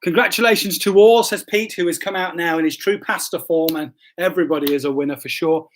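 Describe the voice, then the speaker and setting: This pastor, running a relaxed church livestream, speaks fast in a fairly high register, with a faint hiss or hum in the background. He jokes at his own expense while announcing quiz results, tripping up and saying sorry now and then.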